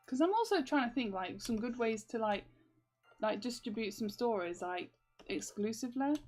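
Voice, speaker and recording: A woman's voice: a little high, animated, moderate pace, darkish tone, faint music behind. A young woman in casual livestream chat, rambling with many fillers and laughing often as she works on her comics. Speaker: comic artist streaming.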